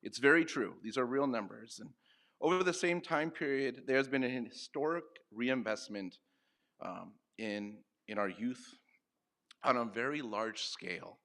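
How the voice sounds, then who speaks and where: A man speaking at a charity luncheon, making a donation appeal and then running a playful live auction with rapid bid calls. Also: medium pitch, a bit bright. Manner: upbeat, rapid auction calls with self-deprecating asides. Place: banquet hall at a luncheon.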